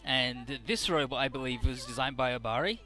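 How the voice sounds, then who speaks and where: A man's voice: medium pitch, fairly quick, pushed and bright, soft background music. A man giving casual gameplay commentary, retelling story scenes with acted quotes and some swearing. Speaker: let's play commentator.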